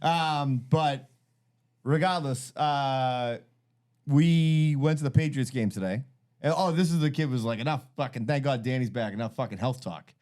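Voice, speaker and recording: A man's voice: medium pitch, moderate pace, darkish tone. A man, hosting a podcast and telling a long, profane, rambling story in casual chat. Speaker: podcast host.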